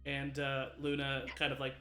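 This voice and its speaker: A man's voice: medium pitch, completely flat delivery, normal speed, sharp tone. A man narrating as game master in a tabletop game, rambling with many fillers. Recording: echoey room with music behind.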